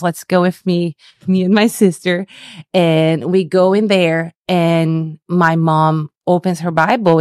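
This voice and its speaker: A young woman from Brazil who grew up speaking Portuguese tells a story in a relaxed interview. Her voice sits a little low and she keeps it lively and animated. The sound is close and dry. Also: dry recording. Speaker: Portuguese school director.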